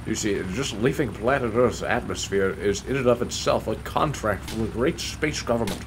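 A man's voice: lowish voice, expressive, normal speed, noisy background. A man giving casual gameplay commentary, sarcastic and mock-polite, swearing often as he plays. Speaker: gaming YouTuber.

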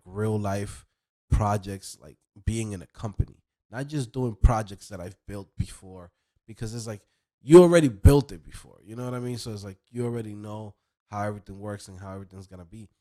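A man's voice: on the low side, mellow. A young man hosting a casual vlog, talking to viewers in a rambling, conversational way full of fillers. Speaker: web developer and channel host.

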